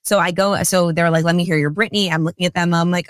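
A woman in her thirties hosting a podcast, telling a story about herself in a chatty, animated, self-deprecating way. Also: fairly low pitch, fast talker, few pauses, dry recording. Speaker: podcast host. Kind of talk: casual storytelling monologue.

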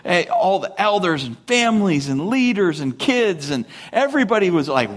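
A man preaching a sermon, animated, asking rhetorical questions and acting out the voices of complainers. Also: sits high, normal speed, hardly any pauses. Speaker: pastor.

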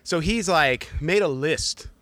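A man in casual chat, telling stories in a relaxed way and quoting dialogue in an upbeat voice. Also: on the high side, slow pace, no echo. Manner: laid-back storytelling with upbeat quoted dialogue.

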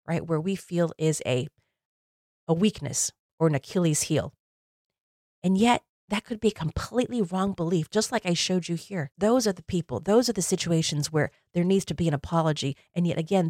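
A woman's voice: fairly low pitch, a little mellow, no echo, studio quality. A woman in her forties hosting a podcast, telling personal stories in an earnest, reflective, conversational way. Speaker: podcast host.

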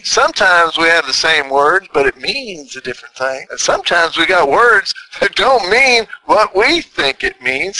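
Older male host, folksy storyteller, very bright tone, slightly raised pitch. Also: rough recording. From New York. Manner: folksy, rambling, chuckles often. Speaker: podcast host. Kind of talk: casual monologue.

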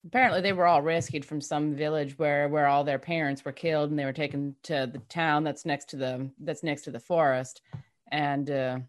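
A woman's voice: low-pitched, fairly even intonation. A woman playing in a tabletop game, chatting casually and restarting her words often. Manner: halting, repeats words. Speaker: player. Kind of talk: casual chat.

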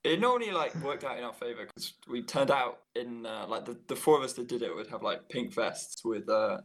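A man's voice: mid-range voice, expressive, a little fast. A young man in casual podcast chat, laid-back, laughing often and swearing.

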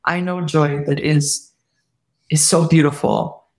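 A woman's voice: low voice, fairly even intonation, slow pace. Earnest woman telling a heartfelt story. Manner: earnest, heartfelt retelling with quoted dialogue; warm spiritual reflection. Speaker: podcast guest. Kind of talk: personal storytelling interview.

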